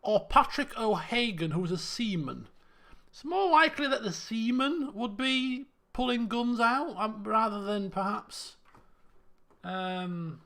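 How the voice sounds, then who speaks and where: A man's voice: high voice, animated, a little slow, creaky, pushed and bright. A man giving casual live-stream commentary while playing a game, chatting and thinking aloud as he works through puzzles.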